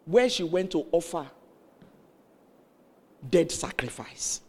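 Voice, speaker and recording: Preaching a sermon in a space with a big-room sound, a man tells a story animatedly and acts out the voices of its characters. His voice is fairly high, his pace slow, and he pauses often.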